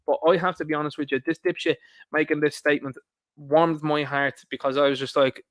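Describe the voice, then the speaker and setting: A man rants through a solo political commentary, combative and quick to swear. His voice sits fairly high, and the sound is dry and close. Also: little pitch movement, dry recording.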